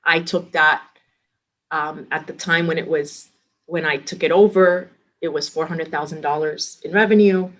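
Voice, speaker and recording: A middle-aged woman, a restaurant executive, telling lively work anecdotes in a casual interview and acting out the dialogue she quotes. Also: deep voice, normal speed.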